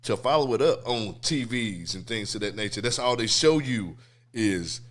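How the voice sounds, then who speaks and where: A man in casual podcast chat, animated and streetwise, often repeating "you know what I'm saying.". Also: on the low side, normal speed. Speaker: podcast co-host.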